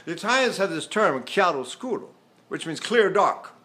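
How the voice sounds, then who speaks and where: An older man in his seventies teaching vocal technique. His speaking voice sits fairly high for a man. He explains through questions and hands-on examples in a demonstrative way. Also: sing-song, normal speed, pushed and bright.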